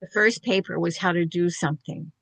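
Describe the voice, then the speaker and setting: An older woman with a lowish, gravelly voice tells a personal story in a candid, self-deprecating way. The sound is close and dry. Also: fairly quick, no echo. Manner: candid, self-deprecating, laughs while telling.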